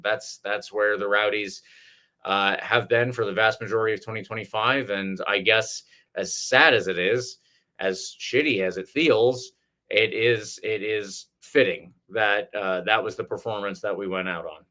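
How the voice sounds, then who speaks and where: A man's voice: on the low side, unhurried, sharp tone. A man from Scotland co-hosting a sports podcast, talking in a thoughtful, hesitant way with many restarts. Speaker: podcast co-host. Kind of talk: casual podcast chat.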